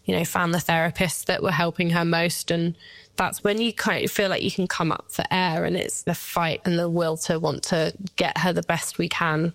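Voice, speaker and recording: A woman's voice: on the low side, little pitch movement, moderate pace, fairly bright tone, no echo. A woman in her thirties, a guest mother speaking candidly about her daughter, at times tearful, with light laughs. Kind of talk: emotional personal interview.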